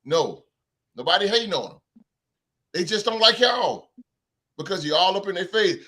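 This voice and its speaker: High, bright-voiced ranting sports host. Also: male voice, normal speed, long pauses. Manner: animated, heckling, mocking fans' voices. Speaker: podcast host. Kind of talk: sports talk rant.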